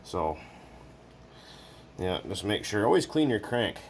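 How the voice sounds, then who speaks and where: A very deep-voiced man talks loosely at his workbench, joking and rambling with the odd swear. A faint hum of background noise sits under his voice. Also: sing-song, slow. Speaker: hobbyist video maker. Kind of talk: casual workshop chat.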